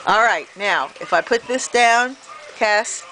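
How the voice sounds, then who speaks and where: A woman's voice: mid-range voice, slow pace, bright, forceful tone. Woman cooing at birds on a rainy porch. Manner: sing-song baby talk to birds, with frequent laughs. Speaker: bird owner filming her pet birds. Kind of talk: casual talk to pets. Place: outdoors on a porch in the rain. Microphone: handheld camera. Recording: noisy outdoor camera audio. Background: rain and bird sounds.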